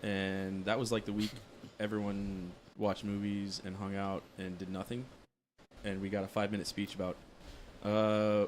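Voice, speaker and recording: A man's voice: lowish voice, completely flat delivery, normal speed, slight background noise. A man on a casual podcast telling profane anecdotes. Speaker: podcast co-host.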